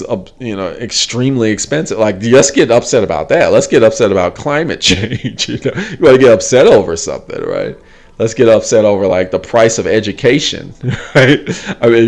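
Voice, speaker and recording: A man in his forties talking casually as a host, laughing often and mimicking others in a mocking high voice. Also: gravelly, darkish tone. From United States. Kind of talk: casual chat.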